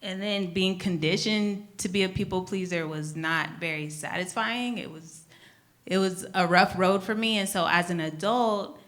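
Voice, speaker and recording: A soft-spoken woman speaking reflectively as a panelist at a live event. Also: lowish voice, moderate pace.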